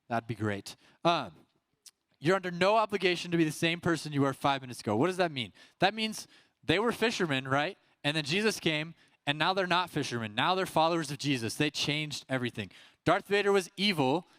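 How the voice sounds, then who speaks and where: A man's voice: on the high side, lively intonation, a little fast, fairly bright tone, no echo. A young man, a youth pastor, preaching a casual youth sermon and telling the story loosely, acting out the voices of the people in it. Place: youth service room.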